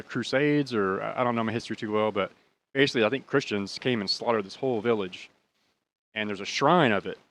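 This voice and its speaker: A man casually recounting a story on his own show, rambling and swearing freely as he goes. His delivery is loose and animated, full of restarts and asides, and his pitch sits in an ordinary middle range for a man. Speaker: podcast host, drummer.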